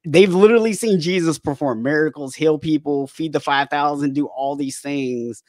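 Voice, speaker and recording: A man speaking as a podcast guest and habit coach, talking casually with animated bursts and frequent restarts, sometimes acting out his own panicked thoughts. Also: a little high, normal speed, few pauses, dry recording, studio quality. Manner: animated storytelling, acting out panicked inner voices; frequent restarts and repeated words. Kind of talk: casual conversational interview.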